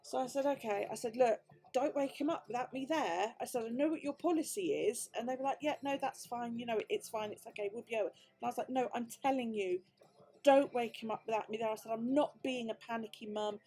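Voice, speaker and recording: A woman's voice: a little high, a little fast, mellow. A British woman vlogger telling a story in casual chat, swearing freely and acting out the quoted dialogue. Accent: British English. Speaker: crafting vlogger.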